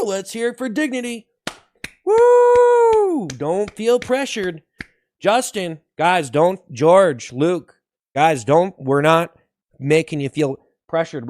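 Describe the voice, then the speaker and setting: A man hosting a live stream in a comic, mock-sincere hype style, repeating slogans, whooping loudly and then dropping into slow, hushed earnestness. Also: fairly high pitch.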